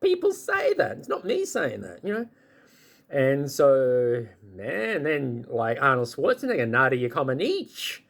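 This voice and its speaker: Man, 50s+, rambling vlogger, creaky gravel, pitch leaps when he gets worked up, chuckles a lot. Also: wildly swooping pitch, a little slow. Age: 50s or older. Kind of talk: rambling casual monologue.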